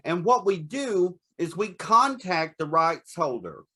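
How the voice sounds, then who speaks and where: A candid, chatty man talks through an interview about his horror hosting show, breaking into laughter often. His voice sits a little high for a man and carries easy good humor. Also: sing-song, takes it slowly, sharp tone. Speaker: guest, horror host performer. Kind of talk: casual interview.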